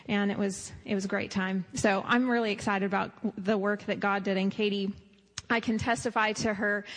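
Woman, youth leader, lively casual testimony, long reverb, mid pitch.

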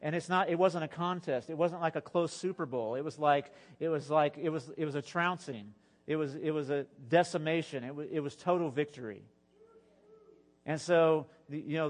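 Animated, joking preacher man. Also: on the high side. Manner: animated, exhorting, with joking asides. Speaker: pastor. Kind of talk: sermon.

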